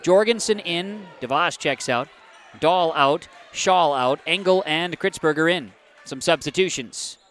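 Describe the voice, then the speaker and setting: Excitable man calling basketball, bright voice. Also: a little high. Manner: rapid, excitable calls that jump up on big plays. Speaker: play-by-play announcer. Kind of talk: live basketball play-by-play.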